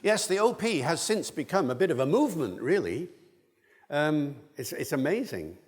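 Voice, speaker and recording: A man's voice: on the high side, big pitch swings, moderate pace. Older man lecturing in a reverberant hall. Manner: discursive and enthusiastic, with asides. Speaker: linguist lecturer. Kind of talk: public lecture.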